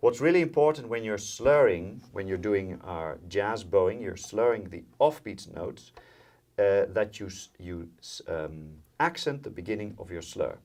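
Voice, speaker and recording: In this instructional jazz violin lesson, a man from the Netherlands speaks a little slowly in a low-ish, darkish, expressive voice. He walks through each step with plenty of fillers and counts in, with violin and guitar playing behind him.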